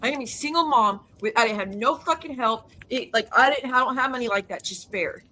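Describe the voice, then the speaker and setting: A woman's voice: fairly high pitch, pushed and bright. A woman YouTube creator ranting heatedly to her viewers, swearing and cutting herself off mid-sentence. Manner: heated, profane, rapid restarts and self-interruptions.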